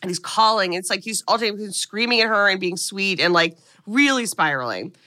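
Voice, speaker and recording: A woman's voice: mid-range voice, expressive, brisk, pushed and bright. A woman co-hosting a podcast, recapping a movie in casual chat and swearing freely as she tells the story.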